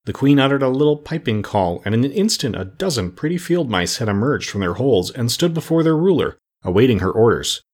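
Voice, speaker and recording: A man reading a storybook aloud in a measured, steady narration. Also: medium pitch. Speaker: audiobook narrator.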